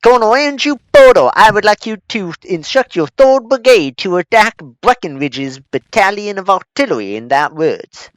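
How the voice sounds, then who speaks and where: A man's voice: high-pitched, big pitch swings, normal speed, hardly any pauses, clean tone, no echo, pitched above the performer's own voice. A man voicing a pompous Civil War commander who barks formal battle orders with a Southern accent. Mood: commanding. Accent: American Southern. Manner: formal, loud, declamatory. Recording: dull lo-fi mic.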